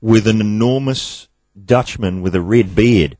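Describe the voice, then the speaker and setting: A man's voice: on the low side, a little slow, warm tone, no echo. A man hosting a comedy radio show, joking, telling anecdotes and laughing often. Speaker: radio host.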